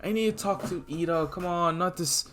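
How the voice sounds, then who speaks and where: A man's voice: sits high, normal speed, fairly bright tone, soft background music, voice pushed up. A man voicing a worried teenage schoolgirl hero student, pleading and flustered.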